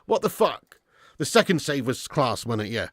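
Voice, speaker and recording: A man hosting a live football watch-along, commentating and reading viewer chat, excitable and swearing freely. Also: medium pitch, moderate pace, dry recording, studio quality. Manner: excitable, swears freely, swings from muttering to shouting. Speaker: fan channel host.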